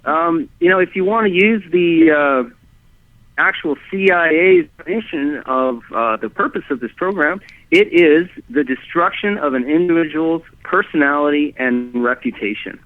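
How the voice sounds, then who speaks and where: Guy rambling thru his story, lots of restarts, kinda high voice, dry tinny phone sound. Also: dry recording. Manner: halting, many restarts and fillers, animated retelling. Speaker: guest telling his own story. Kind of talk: rambling first-person storytelling.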